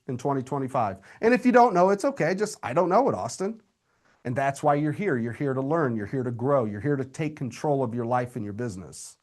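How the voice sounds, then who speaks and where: Upbeat man coaching live. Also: a little high. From Indiana, USA. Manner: energetic, direct, talks straight to the audience. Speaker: real estate coach.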